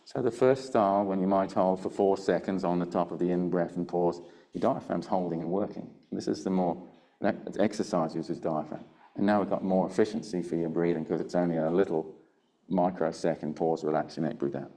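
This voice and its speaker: An older man teaching a Pilates class over a video call, giving gentle step-by-step breathing and movement cues and checking in often. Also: sits low, a little fast. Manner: calm, gentle cueing with frequent check-ins. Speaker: Pilates instructor. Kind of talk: live online class instruction.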